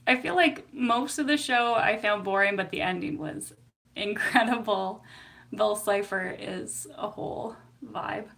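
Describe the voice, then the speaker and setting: Chatty woman with vocal fry. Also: mid-range voice, a little slow, a bit bright. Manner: chatty and giggly, many fillers like "like". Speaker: psychotherapist. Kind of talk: casual live-stream chat.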